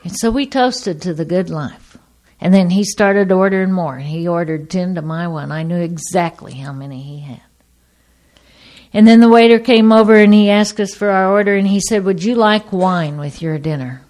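A middle-aged woman giving a personal testimony to an audience, a lively storyteller who acts out the people in her story. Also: mid-range voice, normal speed. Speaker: speaker sharing her recovery story.

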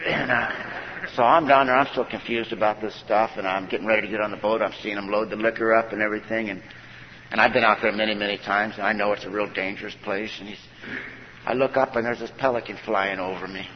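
Speaking from a conference stage, a man recounts his own recovery in a folksy way, frequently acting out what others said to him. His voice is fairly low and steady, and he talks fast. The hall recording sounds dull and echoey, with a little hiss or hum.

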